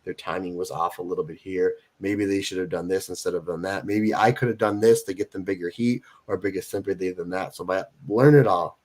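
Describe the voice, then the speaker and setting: A man in his forties with a fairly low voice speaks as an interview guest. He talks emphatically and hammers points home by repeating them. It is loose, casual conversation. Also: fairly even intonation, a little fast, few pauses, a little mellow. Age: 40s. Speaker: guest wrestler.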